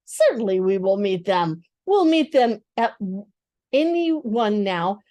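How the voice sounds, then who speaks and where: A woman's voice: medium pitch, expressive, takes it slowly, mellow, no echo. An older woman voicing a stern young king, speaking in a stately, commanding, raised voice for a storybook reading.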